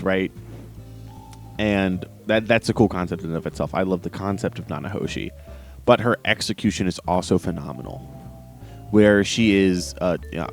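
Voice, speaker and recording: Low-voiced guy chatting about a book, rambly, faint guitar music behind. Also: creaky. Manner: rambling, lots of "right?" and restarts, laughs often. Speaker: book reviewer. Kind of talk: casual spoken review.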